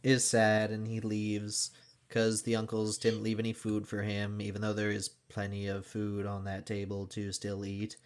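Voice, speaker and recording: A man's voice: lowish voice, completely flat delivery, normal speed, smooth. A man co-hosting a podcast, casually recapping a film's plot with plenty of filler words. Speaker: podcast co-host. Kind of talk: casual chat.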